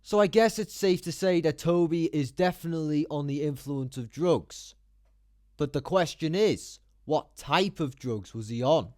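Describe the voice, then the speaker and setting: A man's voice: a little high, a little slow, darkish tone, dry recording, studio quality. A man giving blunt, sarcastic commentary, swearing freely as he talks. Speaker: YouTube commentator. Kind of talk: opinionated commentary.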